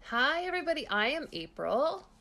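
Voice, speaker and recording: A woman's voice: high voice, big pitch swings, moderate pace, sharp tone. A woman co-hosting a casual podcast chat, talking in a bubbly, emphatic, gushing way. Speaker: podcast co-host.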